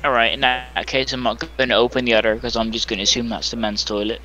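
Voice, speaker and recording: A man's voice: medium pitch, level tone, fast, pushed and bright, a little hiss or hum. A man playing a tabletop game over online voice chat, talking in a wry, offhand way. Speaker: player.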